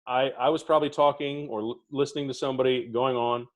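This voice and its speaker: A middle-aged man with a mid-range voice talks fast as a podcast co-host being interviewed. In casual storytelling, he spins animated theatre anecdotes and acts out the voices of the people he quotes.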